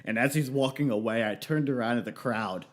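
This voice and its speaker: A man's voice: medium pitch, brisk. A man, a pro wrestler, telling a rambling anecdote on a casual livestream, with many fillers and restarts.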